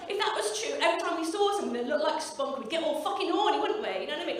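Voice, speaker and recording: A Midlands woman in her forties rattles through a brash, sweary, punchy club stand-up set, fast and with few pauses. Her voice sits high with lively intonation. She's picked up from afar on a stage mic in an echoey room amid crowd noise and audience laughter.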